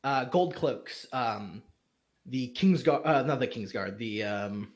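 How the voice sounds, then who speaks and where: A man runs a tabletop fantasy game at a middling pitch. He narrates loosely, trailing off and circling back with plenty of fillers. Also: animated. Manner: halting, full of fillers. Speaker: game master.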